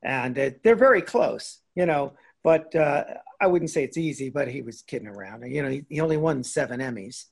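An older man, a guest actor, chatting casually in an interview and telling animated stories. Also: mid-range voice, normal speed, gravelly, hardly any pauses, husky. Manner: animated storyteller, acts out quoted lines with laughs.

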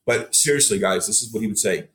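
A man telling stories as a guest on a casual podcast, animated, swearing freely and acting out what others said. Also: fairly low pitch, fast talker. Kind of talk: storytelling in casual podcast chat.

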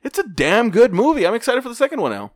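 Man, casual podcast co-host, laughs a lot, lively pitch, dry mic. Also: fast talker, dry recording. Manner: laughs often, swears casually. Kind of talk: casual joking chat.

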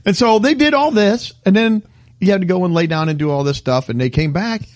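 A man's voice: high-pitched, a little fast, dry recording, clean studio sound. A middle-aged man co-hosting a casual chat show, telling funny stories and acting out the doctors and nurses in them. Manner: animated storyteller who acts out the people in his stories. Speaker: podcast co-host.

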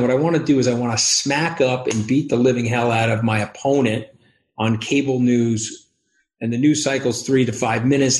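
A male podcast guest, clearly over-caffeinated and wound up, talks in a rapid, emphatic rush, leaning hard on rhetorical questions and acting out quoted voices. His mid-range voice is darkish with fairly even intonation. The mic picks up a roomy echo, giving the interview an animated but reverberant feel.

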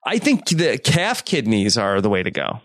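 A man's voice: fairly low pitch, wildly swooping pitch, fairly bright tone, no room sound, clean studio sound. A man co-hosting a podcast, chatting casually and wryly as he recaps a TV episode, slipping into short quoted lines from the scenes. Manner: chatty, wry, paraphrases scenes in quick quoted bits. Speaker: podcast co-host.

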